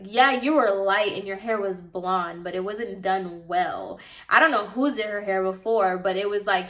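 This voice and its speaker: A young woman vlogger and apprentice hairstylist telling a casual story, talking fast and loose with lots of "like", sounding exasperated. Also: medium pitch, fairly bright tone. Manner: chatty, exasperated, heavy use of "like".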